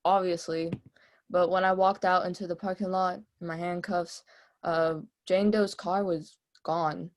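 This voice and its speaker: A woman's voice: fairly low pitch, little pitch movement, measured pace, close to an everyday voice. A woman playing a brash young female bank robber, testifying in a casual, streetwise, offhand way over a video call in a mock trial.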